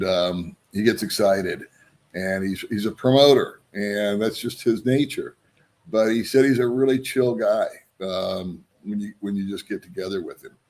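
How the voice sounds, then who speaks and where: A man hosting his own vlog, chatting casually and loosely, with frequent ums and chuckles. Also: fairly low pitch. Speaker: vlog host. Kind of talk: casual rambling vlog chat.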